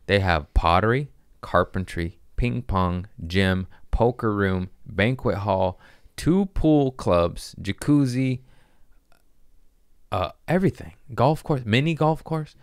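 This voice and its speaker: A man hosting a podcast, telling rambling, profane, animated comic stories in casual chat. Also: medium pitch, slow, smooth, dry recording, studio quality. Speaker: podcast host. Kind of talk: casual comedic storytelling.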